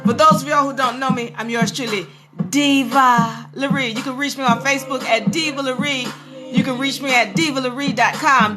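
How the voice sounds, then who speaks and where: A woman hosting a live stream about law, talking to her viewers in a chatty, animated way and sometimes breaking into sing-song. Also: sits high, moderate pace. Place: live social-media stream. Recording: live stream with music playing behind.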